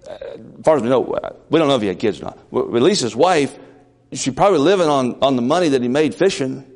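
A man preaching a conversational sermon in a folksy way, building up to loud, emphatic peaks. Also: mid-range voice, expressive, quick pace, long reverb tail.

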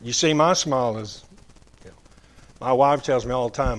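Folksy man preaching his testimony. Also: mid-range voice. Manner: folksy storytelling with drawn-out emphasis; quotes others in acted voices. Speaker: lay preacher giving testimony. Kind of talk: testimony sermon.

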